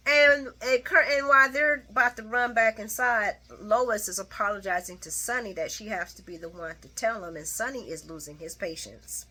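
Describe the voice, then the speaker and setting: Bright-voiced woman chatting through a soap recap. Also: fairly high pitch, normal speed, few pauses. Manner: animated, chatty storytelling with frank asides. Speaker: soap opera recap vlogger. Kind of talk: casual retelling of a TV episode.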